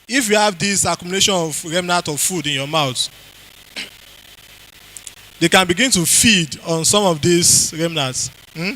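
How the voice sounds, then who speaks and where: Nigerian guy giving a health talk at church, highish bright voice, keeps quizzing the crowd. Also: poor audio. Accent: Nigerian English. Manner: quizzes the audience, repeats key phrases.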